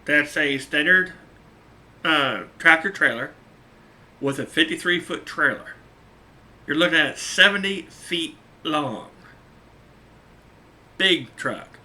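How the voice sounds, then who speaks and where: Slow, sharp-voiced man spinning a road yarn. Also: on the high side, expressive. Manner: chuckling, drawn-out, repeats points for emphasis. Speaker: truck driver telling a road story. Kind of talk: casual storytelling.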